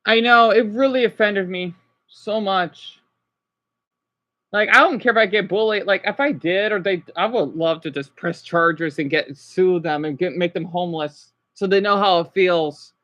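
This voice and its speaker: A man's voice: high voice, moderate pace, pushed and bright, lo-fi sound. Upset young man ranting on a livestream. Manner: upset, ranting, with many restarts and apologies. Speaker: livestreamer reacting to videos. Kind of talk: rambling livestream chat with viewers.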